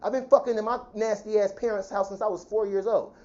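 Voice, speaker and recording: A woman venting in a heated, profane personal rant, talking fast and indignantly about how she has been treated. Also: mid-range voice, steady tone, warm tone. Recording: dull lo-fi sound.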